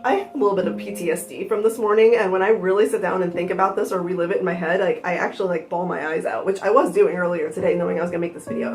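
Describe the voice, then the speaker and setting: A woman's voice: lowish voice, fairly even intonation, rapid-fire, hardly any pauses. A young woman vlogger telling an emotional personal story from home, using "like" a lot and laughing through the hard parts. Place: at home with her dog in her lap. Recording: roomy echo with music behind. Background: music.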